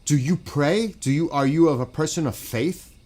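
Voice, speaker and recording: A man's voice: fairly high pitch, normal speed, a little mellow. A man on a gaming stream in casual chat. He talks bluntly and swears a lot, rambles and restarts his sentences, and often drifts away from the mic.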